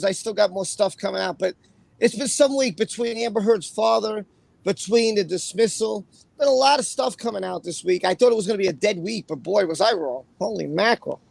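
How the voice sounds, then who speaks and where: A man's voice: high-pitched, vocal fry, no echo. A man hosting a casual livestream, greeting chat viewers by name in a chatty way. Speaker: livestream host.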